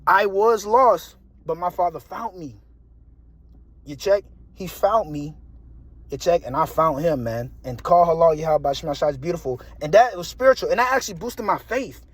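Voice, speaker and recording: A young man telling a story in a casual monologue, animated and slangy, repeating himself and laughing often. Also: a little high, normal speed. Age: young adult. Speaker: vlogger.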